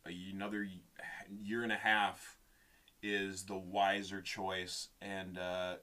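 A man's voice: deep voice, monotone, takes it slowly, bright, forceful tone. A man co-hosting a podcast, chatting casually in a loose, profane, offhand way. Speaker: podcast co-host. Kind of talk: casual chat.

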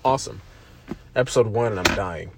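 A man's voice: fairly low pitch, fairly quick, fairly bright tone, a little hiss or hum. A man hosting a casual solo podcast, rambling off on tangents, swearing freely and poking fun at himself. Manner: rambling, profane and self-deprecating. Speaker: podcast host.

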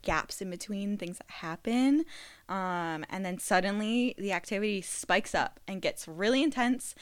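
A woman's voice: medium pitch, clean tone, no echo. A young woman co-hosting a casual podcast, giggly and sprinkling in swear words and fillers. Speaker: podcast co-host. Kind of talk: casual chat, unedited podcast.

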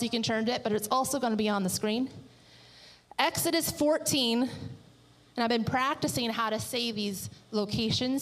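A woman's voice: fairly high pitch, big-room sound, low-quality recording. A woman pastor preaching a sermon, reading scripture and adding chatty, playful asides.

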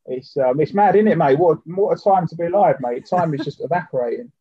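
A man's voice: fairly high pitch, brisk, dull audio, a crowd in the background. A man co-hosting a football podcast from home, talking in a rambling, chatty way full of fillers. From United Kingdom. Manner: chatty, full of fillers and "do you know what I mean". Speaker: podcast co-host. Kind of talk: casual chat.

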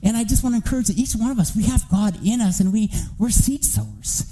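A man preaching a church sermon, telling a family testimony as an animated story that climbs toward near-shouting. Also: high-pitched, fast, faint music behind, rough recording.

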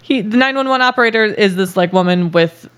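A woman's voice: mid-range voice, fairly quick, clean tone. A woman hosting a podcast, telling a story in a casual, chatty way, laughing often and using many filler words. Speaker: podcast host.

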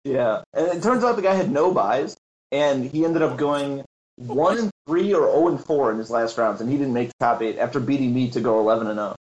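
A man's voice: mid-range voice, fairly quick, dull audio. A man telling a story in a casual podcast chat, acting out what others said and laughing often. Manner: animated, acts out quotes, laughs often. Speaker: guest, Magic tournament player.

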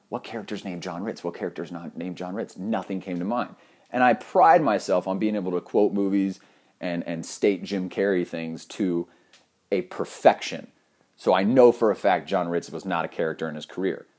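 Lower-voiced man telling a profane comic story. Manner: animated, profane, self-mocking, laughs often. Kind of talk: comedic personal anecdote.

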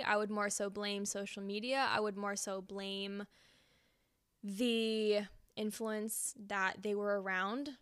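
A woman's voice: medium pitch, fairly bright tone, clear, resonant tone, dry recording. Earnest young woman, podcast host, repeats herself for emphasis, dry close-mic sound. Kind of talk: reflective self-help monologue.

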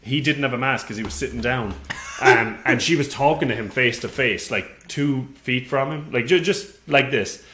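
A man co-hosting a podcast, telling stories in casual, profane chat and jumping high when he mimics people. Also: moderate pace. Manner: animated storytelling, jumps high for quoted voices. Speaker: podcast co-host. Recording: roomy echo.

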